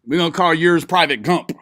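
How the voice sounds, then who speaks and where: A man's voice: a little high, fairly bright tone, no room sound, clean studio sound. A man giving profane, mocking commentary on a stream he is watching, often breaking into laughter. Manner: mocking, swearing, frequent laughing. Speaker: streamer reacting to a live video.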